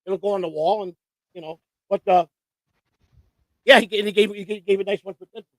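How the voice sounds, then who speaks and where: A man co-hosts a live stream from a home setup, chatting casually and telling rambling, profane anecdotes while frequently restarting sentences. His voice sits high and is a bit bright, with a steady tone and slightly fast pace, and there's no echo.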